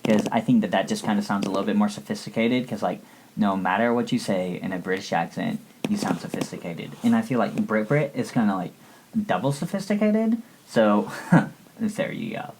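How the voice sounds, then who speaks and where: A woman's voice: extremely low pitch, fairly quick, darkish tone, a little hiss or hum, poor audio. A woman playing a ditzy valley-girl teen student who rambles bubbly through a comedic history report, full of "like". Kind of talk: comedic sketch lesson.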